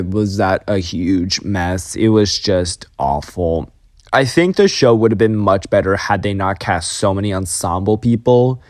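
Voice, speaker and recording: Low, dry-voiced young man ranting. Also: no room sound. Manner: exasperated, sarcastic, ranting. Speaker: vlogger. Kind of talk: casual storytime monologue.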